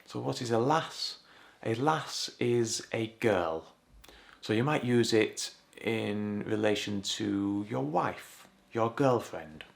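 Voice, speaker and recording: A man's voice: on the low side, vocal fry. A man from Leeds with a Leeds Yorkshire accent, teaching an English lesson and acting out short local phrases as examples. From Leeds, England. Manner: explains slowly, acts out short Yorkshire phrases. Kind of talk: scripted language lesson.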